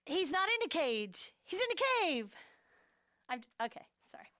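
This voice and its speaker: A woman's voice: extremely high pitch, very animated, measured pace, sharp tone. Self-mocking woman hosting a game stream. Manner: laughing, self-deprecating. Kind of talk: casual stream chat.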